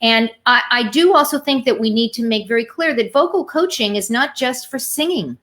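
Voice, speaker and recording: A woman's voice: fairly high pitch, lively intonation, moderate pace. Affirming woman show host. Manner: warm, affirming interviewer who praises the guest. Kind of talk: casual interview chat.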